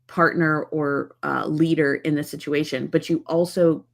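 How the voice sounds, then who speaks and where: A woman's voice: sits low, steady tone, unhurried, creaky. A woman speaking as a guest in a casual leadership webinar, conversational and checking in with her listeners.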